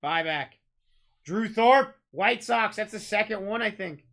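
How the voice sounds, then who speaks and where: A man hosting a live-streamed trading card break, rattling off pulled cards, shouting out big hits and bantering with chat. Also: high-pitched, lively intonation, creaky. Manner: rapid-fire calling of card names, shouting big hits; chatty, teasing banter with chat.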